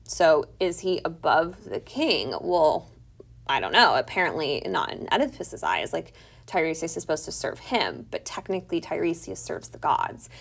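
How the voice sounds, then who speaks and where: Chatty woman teacher with a gravelly voice. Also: sits low, sing-song, moderate pace. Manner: chatty, many "like" fillers, paraphrases characters conversationally. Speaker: teacher summarizing a play. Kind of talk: casual spoken lesson.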